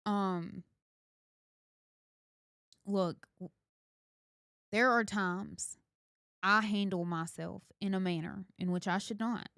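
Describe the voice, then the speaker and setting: A woman speaks earnestly and directly to her listeners on a conversational podcast. Her voice is smooth and clear, in the middle of the female range. The sound is dry and close. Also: medium pitch, steady tone, takes it slowly, pauses often, a bit bright, dry recording. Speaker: podcast co-host.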